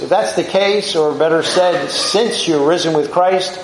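A man preaching in an easy, conversational way, stopping often to put questions to his listeners. His voice sits a little high for a man. It rings with the echo of the room, and a faint hum of ambience sits behind him. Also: a little slow, hardly any pauses. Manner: conversational, reflective Bible teaching with rhetorical questions. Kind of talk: sermon.

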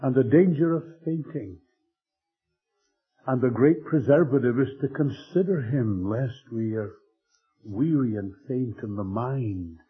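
A man preaching a Bible-teaching sermon in a measured, emphatic way, often clearing his throat. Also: mid-range voice. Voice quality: husky. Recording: old tinny phone-like tape with faint music.

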